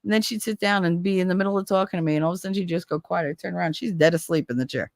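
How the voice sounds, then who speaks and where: A woman's voice: fairly low pitch, very fast, vocal fry, hardly any pauses, darkish tone, dry recording, clean studio sound. A middle-aged woman, chatting casually with viewers and telling stories with swearing and laughs. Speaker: livestream host.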